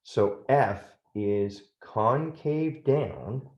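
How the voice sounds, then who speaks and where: A man's voice: medium pitch, drawn-out words, a little mellow, roomy sound, lo-fi sound. A man teaching a math lesson step by step, often checking in with "right?".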